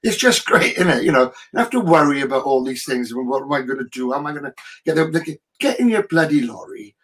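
A man's voice: medium pitch, lively intonation, fast, a bit bright. A man chatting casually as a guest, telling stories in a wry, self-mocking way. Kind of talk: casual chat.

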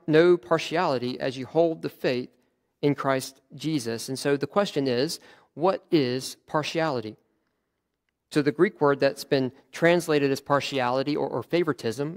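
A man preaching a sermon in a conversational way, often restarting his phrases and adding fillers. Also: mid-range voice.

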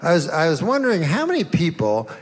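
A middle-aged male comedian telling stories and jokes in a deadpan, drawling talk-show manner. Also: on the high side, fast, long reverb tail.

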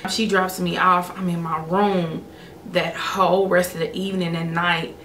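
A woman's voice: lowish voice, level tone, moderate pace, fairly bright tone, slight background noise. A woman in her thirties, a vlogger telling a personal story in a candid, emotional way.

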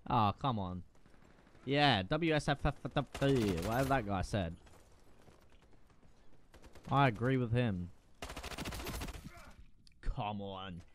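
A man giving casual, profane, excitable commentary while playing a shooter game. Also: mid-range voice, slow pace, long pauses, slight background noise. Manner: profane, excitable, self-mocking. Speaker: gaming video creator.

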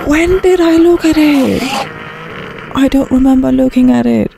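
A woman's voice: high-pitched, unhurried, creaky, mellow, a little hiss or hum. A woman gaming YouTuber giving dramatic, exclaiming commentary on her own Minecraft play, groaning and swearing when things go wrong. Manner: swears in frustration.

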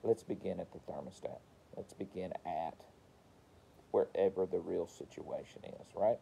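A man's voice: low-pitched, moderate pace, creaky, mellow, a little hiss or hum, low-quality recording. A man coaching service technicians in a casual training talk, repeating key phrases and acting out customer conversations. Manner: repeats phrases, role-plays customer dialogue.

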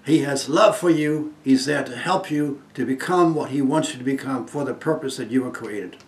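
A man from Germany in his eighties speaks as a guest, giving an earnest inspirational testimony that veers between loud emphasis and quiet, hushed phrasing. He talks at a moderate pace with medium pitch, and the sound is roomy.

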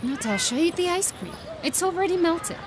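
A woman's voice: very high voice, animated, moderate pace, background noise. A woman voicing a blunt, no-nonsense female friend in a dubbed film drama, talking in a teasing way. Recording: loud music under dialogue.

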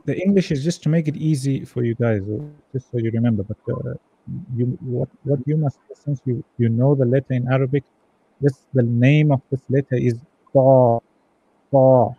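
A man's voice: mid-range voice, a little fast, warm tone, husky, highs cut off. A man teaching an online Arabic reading class, patiently sounding out each syllable and repeating it for his students.

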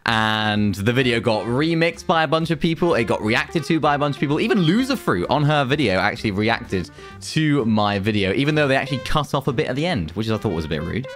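Male YouTuber with a sarcastic, animated delivery, soft music underneath. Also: medium pitch, fairly quick. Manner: dry, sarcastic. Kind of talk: reacting to comments.

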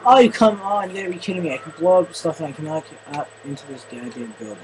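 Guy yelling and cussing at a game, kinda high voice, noisy mic. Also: racing. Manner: excitable, yelling and swearing at the game. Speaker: gameplay commentator. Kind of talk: let's play commentary.

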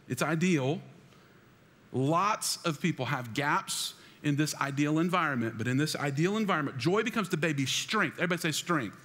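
A man's voice: on the high side, animated, normal speed, a bit bright. A man preaching a sermon as pastor, calling out for the congregation to repeat after him in a large church auditorium. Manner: preaching with call-and-response to the congregation. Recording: long hall reverb in a church.

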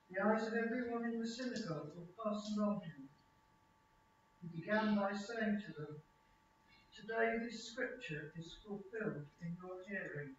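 A man reading Bible passages aloud at a measured pace, slowing on key phrases, in a church service. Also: high voice, far from the mic, a little hiss or hum. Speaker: scripture reader. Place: church sanctuary. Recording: echoey church over a dull video call.

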